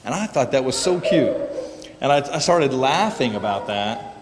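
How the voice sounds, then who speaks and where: A man's voice: mid-range voice, animated, moderate pace, big-room sound, heavy background noise. A man preaching a casual sermon in a church sanctuary, telling folksy stories with joking asides. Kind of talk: conversational sermon.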